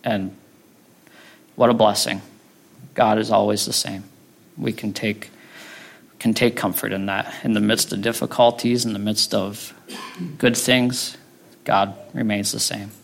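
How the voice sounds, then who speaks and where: A pastor giving a conversational sermon, often asking "right?" before closing in prayer. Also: male voice, on the low side, flat delivery, measured pace, vocal fry, pauses often. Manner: conversational, tags lines with "right?".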